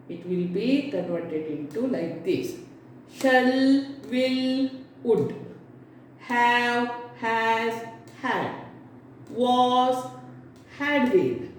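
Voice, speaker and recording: Woman teacher going over grammar rules real slow, lots of "now see", echoey room w/ light hiss. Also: on the high side. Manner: explains step by step with many "now see" and "okay?". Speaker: English teacher. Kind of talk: classroom grammar lesson.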